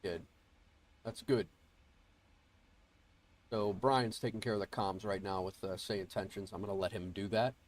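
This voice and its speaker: Man, livestream host, stuffy nose from a cold, a bit low-pitched, rambling, lots of ums and restarts. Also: steady tone, moderate pace, long pauses. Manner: rambling, frequent fillers and restarts, greets chat by name. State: congested from a cold, nasal. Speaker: flight sim livestreamer. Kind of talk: casual livestream chat. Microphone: earbuds mic.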